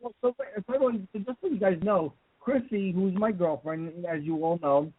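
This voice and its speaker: A man's voice: high voice, normal speed, breathy edge, no echo. A man hosting a paranormal radio show, telling a personal story casually with lots of fillers and restarts. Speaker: host. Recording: dry, tinny phone-like line.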